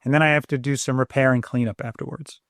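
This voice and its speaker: A middle-aged man co-hosting a parenting talk show, explaining calming steps in a calm, explanatory way. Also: medium pitch, fast, no echo, studio quality. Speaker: podcast co-host. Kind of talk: casual parenting conversation.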